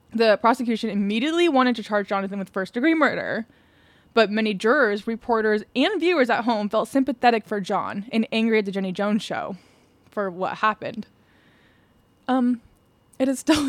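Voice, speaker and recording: A woman's voice: on the high side, lively intonation, normal speed, no echo. A woman co-hosting a podcast, casually retelling a true-crime case from her notes, laughing often and swearing offhandedly. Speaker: podcast co-host.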